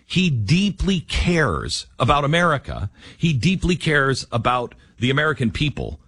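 Male talk radio host, husky, very animated delivery, dry studio sound. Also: mid-range voice, a little slow, no echo. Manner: animated, emphatic, drops into quoted voices. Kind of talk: talk radio commentary and live ad reads.

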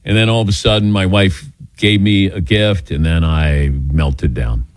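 An older man hosting a call-in radio show, telling stories with animated quoted voices. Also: deep voice, measured pace, no room sound. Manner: animated storyteller, acting out quotes.

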